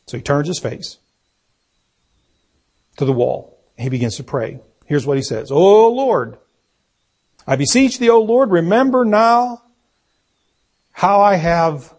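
A man's voice: fairly high pitch, a little mellow, husky. A man teaching an interactive Bible study, reading scripture aloud and questioning his listeners about its meaning. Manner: questioning, asks the group for answers.

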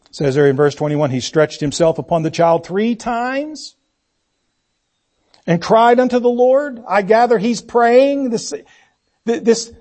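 A man with a high-pitched voice delivers a sermon in which he asks the congregation rhetorical questions, shifting back and forth between booming emphasis and a hushed tone.

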